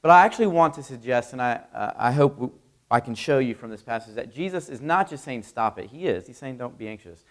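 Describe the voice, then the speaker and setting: Male pastor, mid pitch, relaxed conversational preaching that lifts for scripture. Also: brisk. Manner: conversational with fillers, rising for scripture reading. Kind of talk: sermon.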